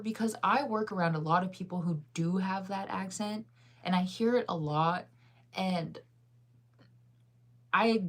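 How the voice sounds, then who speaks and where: A woman in her thirties with a faint Midwestern American accent, chatting casually with viewers in a rambling way, full of fillers and laughter. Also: fairly low pitch. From United States. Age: 30s. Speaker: streamer answering viewer chat. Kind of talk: casual chat.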